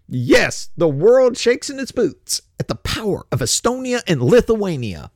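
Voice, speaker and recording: A man's voice: sits high, sing-song, a little slow, few pauses, dry recording, studio quality. An older man hosting a political commentary show, talking in a blunt, coarse and mocking way and laughing often as he makes fun of things. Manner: blunt, coarse street talk. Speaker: host.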